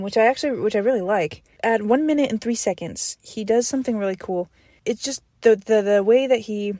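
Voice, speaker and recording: A woman's voice: medium pitch, a little mellow, dry recording, studio quality. A young woman hosting a podcast, casually reviewing an album track by track in a rambling, enthusiastic way with many fillers and restarts.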